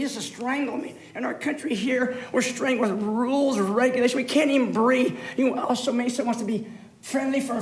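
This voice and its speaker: Older man, public commenter, emotional and rambling, pleading; roomy chamber sound. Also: extremely high pitch. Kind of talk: public comment at a city meeting. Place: city council chamber.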